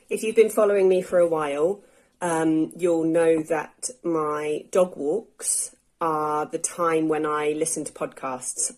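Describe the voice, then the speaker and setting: A woman's voice: lowish voice, darkish tone. A woman English teacher talking candidly in a casual, unscripted vlog at home, thinking aloud with fillers as she goes. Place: indoors at home.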